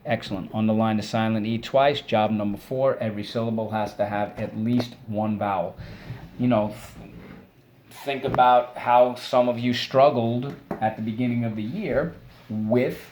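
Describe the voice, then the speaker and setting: A man's voice: lowish voice, steady tone, moderate pace, a little mellow, a little hiss or hum. A male teacher giving an online spelling lesson to children, breaking words into syllables and praising his pupils as he goes.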